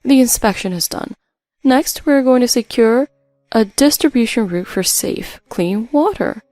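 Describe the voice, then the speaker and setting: A woman voicing a firm, brisk older sister who scolds and lays down conditions. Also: fairly high pitch, expressive, a little mellow, no room sound, pitched above the performer's own voice. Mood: stern brisk. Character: stern, scheming older sister, brisk and unsympathetic.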